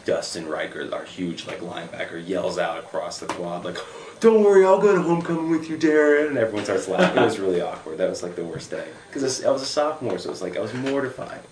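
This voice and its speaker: A young man with a deep, low voice tells stories in a loose, animated way, with lots of likes and ums. The room is echoey, and a faint hiss sits under his voice. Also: fast talker, few pauses. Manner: animated, filler-heavy storytelling. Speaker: camp counselor. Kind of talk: casual storytelling interview.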